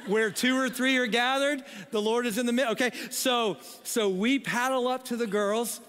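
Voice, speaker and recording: High-voiced man preaching, echoing hall. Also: fairly even intonation, normal speed, a bit bright, smooth. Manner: humorous storytelling with frequent "okay?" asides. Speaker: pastor. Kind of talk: sermon. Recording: long hall reverb.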